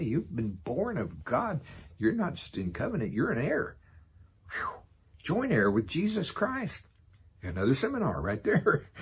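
A man preaching a sermon in a lively way, laughing often and acting out quoted voices. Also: mid-range voice, a little hiss or hum.

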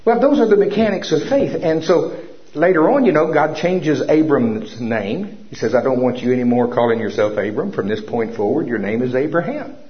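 A man's voice: medium pitch, lively intonation, moderate pace. A man preaching a sermon in a church service, telling a personal story and making commanding declarations of faith. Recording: dull lo-fi recording.

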